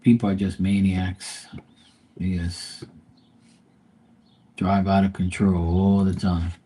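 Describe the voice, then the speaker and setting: A man's voice: low-pitched, little pitch movement, slow, warm tone, husky. A man, chatting casually on a live stream and ranting bluntly with plenty of cursing. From Bermuda. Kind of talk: casual chat.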